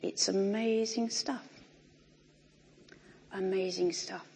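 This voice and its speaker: A middle-aged woman preaching a sermon in a conversational, animated way with wry humour, recorded in a church. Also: mid-range voice, slow, creaky, a little hiss or hum. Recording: long reverb of a large hall.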